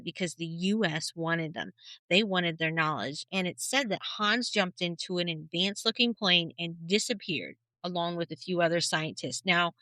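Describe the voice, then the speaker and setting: A woman co-hosting a podcast, telling a conspiracy story in a casual, animated storytelling way. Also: lowish voice, dry recording, low-quality recording. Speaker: podcast co-host.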